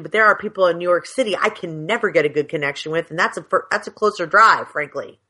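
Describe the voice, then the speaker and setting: Low-voiced chatty woman podcaster. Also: fast talker, sharp tone, husky. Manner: chatty, rambling, frank. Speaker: podcast co-host. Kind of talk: casual chat. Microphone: headset on a video call.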